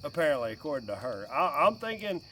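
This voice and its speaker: A man in his late forties chatting casually and jokingly by a campfire outdoors, getting animated when quoting his kid. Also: a little high, fast talker, distant mic, a little hiss or hum. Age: 40s. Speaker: vlogger. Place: outdoors by a fire at night with crickets.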